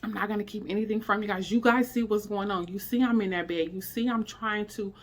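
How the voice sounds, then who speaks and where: A woman's voice: mid-range voice, steady tone, fairly quick. Weary woman in a heartfelt ramble. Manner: emotional, heartfelt, rambling with many fillers. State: weary and low in spirits. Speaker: vlogger. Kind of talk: candid personal vlog talk. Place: indoors at home.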